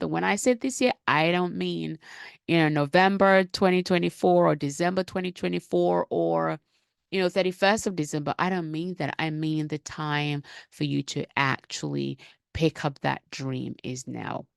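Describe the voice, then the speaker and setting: A woman with a low, gravelly voice hosts a podcast in a dry, close-sounding room. She talks in an emphatic, rallying way, stacking repeated phrases as she urges her listeners on. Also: moderate pace, dry recording. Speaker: podcast host. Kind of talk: motivational podcast monologue.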